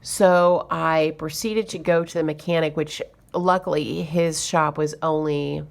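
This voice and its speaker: A woman's voice: low-pitched, steady tone, a little slow, vocal fry. A woman chatting to camera as a budgeting vlogger, telling a story in a chatty, exasperated way. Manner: chatty, exasperated retelling with fillers. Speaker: budgeting YouTuber.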